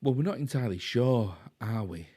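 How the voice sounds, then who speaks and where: A man's voice: mid-range voice, animated, brisk, dark tone, husky. A man with a Yorkshire accent, co-hosting a podcast and casually recapping a film plot with fillers and tag questions. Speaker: podcast co-host.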